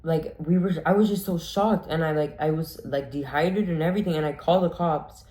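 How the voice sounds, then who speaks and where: A man's voice: a little high, fairly quick, darkish tone. Man, storytime vlog, rambling with lots of "like", echoey room. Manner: rambling, breathless storytelling full of "like". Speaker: vlogger.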